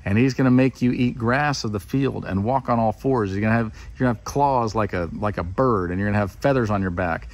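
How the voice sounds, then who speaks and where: A man's voice: fairly low pitch, fairly quick, hardly any pauses, lightly acted. A man voicing a humble, easygoing prophet who speaks frankly and casually. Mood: earnest. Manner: laid-back and frank.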